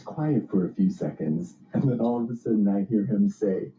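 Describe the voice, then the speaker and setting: A man telling a wry anecdote in an animated storytelling style, in a dull, roomy clip. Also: lowish voice, moderate pace.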